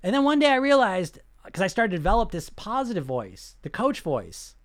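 Guy coach w a higher voice, blunt, keeps asking u questions n laughing. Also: huge pitch swings, brisk. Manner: blunt, fires rhetorical questions, laughs often. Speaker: weight loss coach. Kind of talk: casual coaching talk to viewers.

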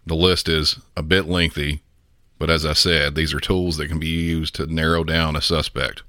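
Man from the south, super low voice, walks the listener through questions, podcast host. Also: little pitch movement, pushed and bright, dry recording, studio quality. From Southern United States. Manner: measured, asks the listener questions. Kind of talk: instructive podcast talk.

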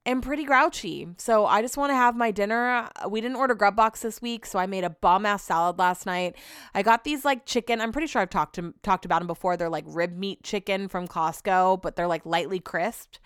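A woman's voice: mid-range voice, a bit bright, clear, resonant tone, no echo, studio quality. A woman hosting her own podcast, rambling casually and swearing freely as she chats about her week. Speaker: podcast host. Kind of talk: casual solo podcast chat.

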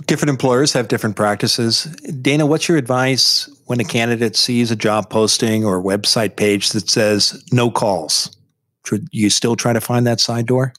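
A man's voice: mid-range voice, fairly even intonation, normal speed, a bit bright, no room sound, clean studio sound. A man hosting an interview and asking direct questions that prompt his guest. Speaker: interview host.

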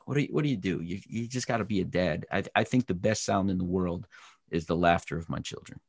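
A man hosting a podcast interview, telling stories in a casual, animated way and acting out the people in them. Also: sits low, quick pace, creaky, no echo, studio quality. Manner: animated storyteller, acts out voices. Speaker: podcast host.

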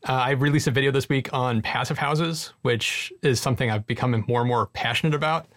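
A man's voice: mid-range voice, a little fast, fairly bright tone, no echo. Man co-host, mid-range voice, dry recording, emphatic and opinionated. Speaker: podcast co-host. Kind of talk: casual chat.

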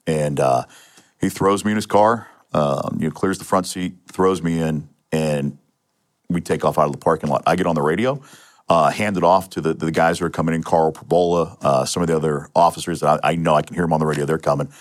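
A middle-aged man from Pennsylvania speaks in a notably low voice as an interview guest. He recounts his own experience in a matter-of-fact way. He often restarts his phrases and fills pauses with "um" and "uh". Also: fairly even intonation. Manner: matter-of-fact storytelling with frequent restarts and fillers. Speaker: interview guest, retired police sergeant. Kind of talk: telling a personal story in a podcast interview.

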